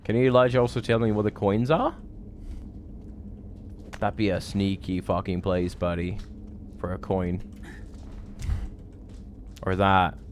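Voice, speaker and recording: A man's voice: deep voice, fairly even intonation, unhurried, pauses often, a little hiss or hum. A man in his thirties streaming a game, chatting loosely with viewers, swearing often and rambling between thoughts. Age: 30s. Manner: rambling, profane, chatty with chat. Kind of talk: live gameplay commentary.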